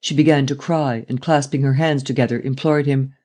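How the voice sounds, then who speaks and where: Guy reading an old crime novel aloud, steady, mellow voice. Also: mid-range voice, fairly quick, few pauses. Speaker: audiobook narrator. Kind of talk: audiobook narration.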